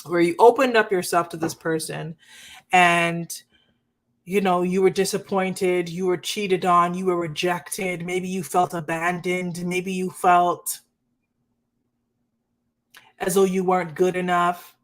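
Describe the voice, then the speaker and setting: Woman relationship coach, slightly low voice, earnest, talks straight to viewers, keeps asking "okay?". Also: flat delivery, slow. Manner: earnest, repetitive, checks in with "okay?"; addresses viewers directly, asks for comments. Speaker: marriage coach. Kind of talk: live-stream coaching talk.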